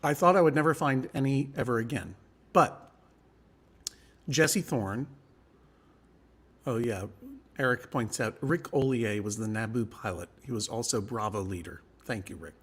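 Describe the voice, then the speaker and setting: A man in casual live conversation, spinning rambling, wry stories. His voice sits at an ordinary middle pitch, and he laughs often between his points. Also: measured pace, long pauses, fairly bright tone, slightly rough. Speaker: guest.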